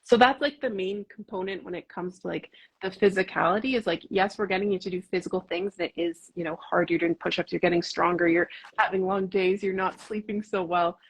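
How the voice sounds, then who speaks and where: Woman instructor, husky voice, earnest casual talker, heavy on fillers. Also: fairly low pitch, fairly even intonation, a little fast, few pauses, poor audio. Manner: earnest, uses many fillers like "like" and "you know". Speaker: martial arts instructor. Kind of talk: casual conversation.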